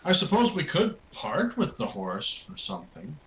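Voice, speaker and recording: Sly bargaining woman dealer, mocking and smug, swooping lively delivery, a man voicing her at a game table. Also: fairly high pitch, moderate pace, creaky, a little hiss or hum, full character voice, poor audio. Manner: teasing, bargaining, condescending.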